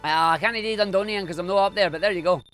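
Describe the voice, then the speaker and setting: A man's voice: high voice, fast talker, fairly bright tone, soft background music. A Scottish man from Scotland, a streamer chatting casually and slangily while he speedruns. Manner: chatty and slangy, rambling asides.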